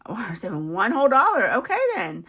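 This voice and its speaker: Chatty woman with a lively voice. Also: mid-range voice, quick pace, noisy background. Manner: chatty, talks to viewers as y'all, laughs at herself. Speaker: budgeting video host. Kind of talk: casual savings challenge commentary.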